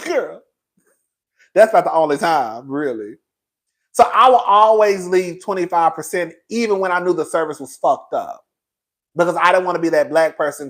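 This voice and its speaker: A man, telling stories on his own vlog in a loud, sassy and profane way, laughing often. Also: fairly high pitch. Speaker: YouTube commentary host. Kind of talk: casual storytelling vlog.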